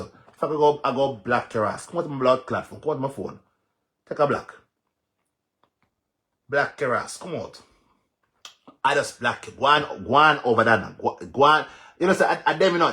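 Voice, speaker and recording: A man with a Jamaican accent ranting on a live stream, mocking and cursing with loud laughs. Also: mid-range voice. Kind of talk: casual live-stream rant.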